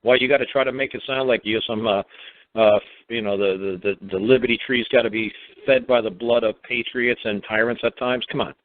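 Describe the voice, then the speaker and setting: A man's voice: mid-range voice, steady tone, brisk, no echo. A man hosting a call-in radio show, talking bluntly and mockingly, stammering and repeating words as he presses his point. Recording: tinny phone-line sound, dry.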